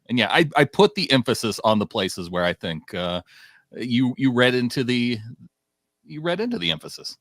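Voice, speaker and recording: A man co-hosting a casual sports podcast, measured, reading a statement aloud slowly. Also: mid-range voice, sing-song, a bit bright, dry recording, studio quality. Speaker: podcast co-host.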